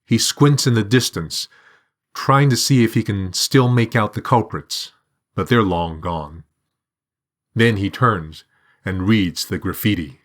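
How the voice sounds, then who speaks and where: A man reading a short story aloud in a measured, even storytelling manner. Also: on the low side. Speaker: narrator. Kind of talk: scripted narration.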